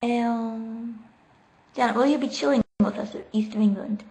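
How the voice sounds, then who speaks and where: Woman, slightly high voice, giggly late-night laptop livestream, answering viewer chat from home. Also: fairly even intonation, normal speed, mellow, lo-fi sound. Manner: chatty and giggly, reads questions aloud before answering. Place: at home, sitting on the floor. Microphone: laptop microphone.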